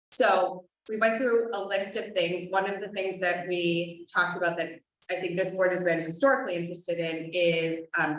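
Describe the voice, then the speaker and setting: A woman giving a hesitant update at a public board of health meeting, with many pauses and restarts. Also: on the low side, a bit bright. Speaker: board of health member, alternate regional representative. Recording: roomy echo, distant mic.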